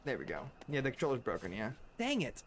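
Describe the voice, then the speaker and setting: A man's voice: mid-range voice, big pitch swings, rapid-fire, a little hiss or hum. A man chatting casually while streaming a video game, laughing often and rambling into asides. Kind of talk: casual gameplay chat.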